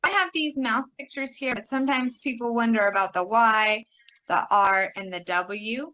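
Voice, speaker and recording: Bright-voiced woman modelling vowels slowly. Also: fairly high pitch, rough recording. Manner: slow, exaggerated modelling of vowel sounds. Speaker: pronunciation instructor. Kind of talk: recorded teaching video.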